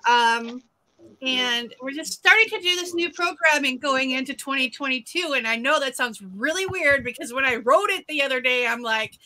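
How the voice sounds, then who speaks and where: High bright woman hosting a livestream. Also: moderate pace, rough recording. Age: 40s. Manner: rambling, many fillers and restarts. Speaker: livestream host. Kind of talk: casual livestream chat.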